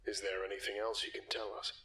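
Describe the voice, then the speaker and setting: A man playing a calm interviewing doctor. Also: lowish voice, slightly rough, full character voice. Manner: measured, soothing questions. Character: calm adult male doctor conducting an interview. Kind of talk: audio drama reading.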